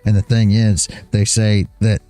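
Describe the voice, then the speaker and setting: Man, tired, rambling, chuckling, low pitch, dark mellow tone, casual livestream chat. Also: flat delivery, a little slow, faint music behind. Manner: rambling, chuckling, loses his train of thought. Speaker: livestream trading host.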